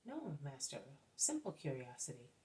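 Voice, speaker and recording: A woman's voice: rumbling low, big pitch swings, moderate pace, mellow, voice pushed down, poor audio. A woman voicing an eager, nervous male apostle who asks probing, insistent questions. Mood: prying.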